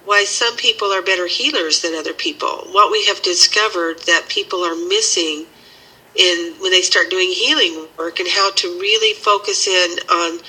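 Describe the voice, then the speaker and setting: Woman with a really bright husky voice, slow soothing guided meditation. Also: lowish voice, steady tone, rough recording. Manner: slow, soothing guiding instructions. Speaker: healing teacher.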